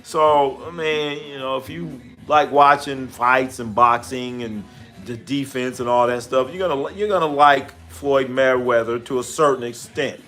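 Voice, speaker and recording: A man's voice: medium pitch, a little slow, faint music behind. A man hosting a live sports stream, chatting casually and profanely, telling stories and reading out chat names. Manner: animated when acting out stories. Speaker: livestream sports host. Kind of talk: casual live commentary and storytelling.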